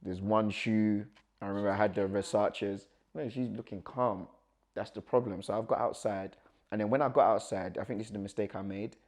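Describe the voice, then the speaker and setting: Young man, lowish voice, guest recounting his story with lively, acted-out dialogue. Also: a little fast. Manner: animated, acts out quoted dialogue, nervous laughs. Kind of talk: personal storytelling.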